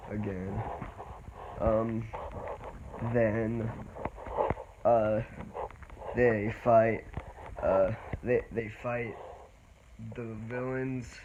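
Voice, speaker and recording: A man giving a casual spoiler movie review, rambling and halting with many restarts. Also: mid-range voice, highs cut off. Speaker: vlogger. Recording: noisy background.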